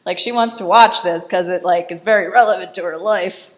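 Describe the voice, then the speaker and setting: A woman's voice: fairly low pitch, dull audio. A woman giving casual, chatty film commentary, often laughing and briefly acting out the characters' lines. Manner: chatty, giggly, acts out quotes in quick voices.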